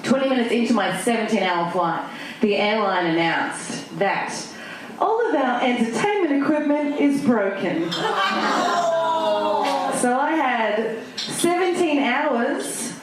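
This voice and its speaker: A woman's voice: a little high, big pitch swings, slow. An Australian woman performing a live stand-up set on a club stage, brash and self-mocking with punchy delivery. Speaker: stand-up comedian. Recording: roomy live club sound with audience noise.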